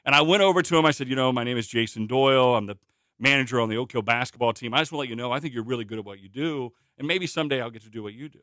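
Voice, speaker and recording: A middle-aged man from Indiana, a stadium announcer, telling anecdotes in a relaxed interview with frequent fillers. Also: mid-range voice, very fast, no echo, clean studio sound. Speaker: interview guest, public address announcer. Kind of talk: conversational storytelling.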